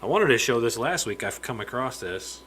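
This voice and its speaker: A man hosts a relaxed live stream from a home fish room, talking at a middling pitch. He chats loosely and greets viewers by name, and he sometimes trips over his words. A faint background hum runs under his voice. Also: normal speed, low-quality recording. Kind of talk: casual live stream chat.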